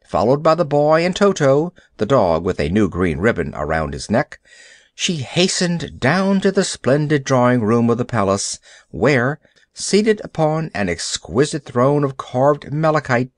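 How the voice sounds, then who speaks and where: A man narrating a classic storybook audiobook with expressive, animated storytelling. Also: medium pitch, no echo, clean studio sound.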